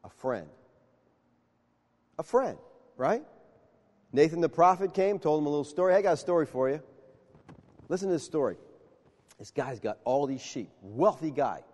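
A man preaching a sermon, telling stories with animated acted-out dialogue. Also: a little high, moderate pace, pauses often, big-room sound. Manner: animated storytelling, acts out dialogue. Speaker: pastor.

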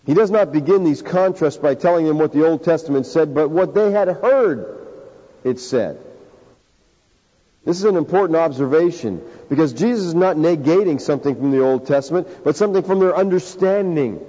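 A man preaches with earnest emphasis and leans hard on key phrases by drawing them out. His voice sits a little high but sounds dark and mellow. The recording is dull and lo-fi, with a long reverb trailing off the walls of a church sanctuary. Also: expressive, moderate pace. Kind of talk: sermon.

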